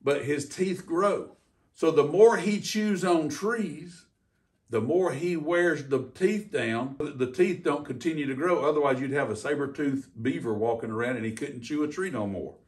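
An older man, a retired game warden giving a folksy, animated talk about wildlife for kids. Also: a little high, unhurried, recorded from a distance.

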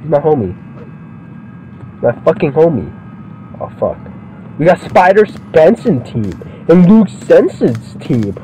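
Profane, excitable gamer man, lively pitch. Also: takes it slowly, long pauses, slight background noise, poor audio. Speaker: gamer playing a wrestling game. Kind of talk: casual gameplay commentary. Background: game music.

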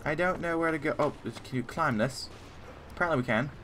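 A man chats casually while playing a shooter, trading playful jokes with a friend. His voice is bright and forward at a middle pitch. A faint hiss sits under the recording. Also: a little fast. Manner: joking, playful banter. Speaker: let's play host. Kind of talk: casual gameplay chat.

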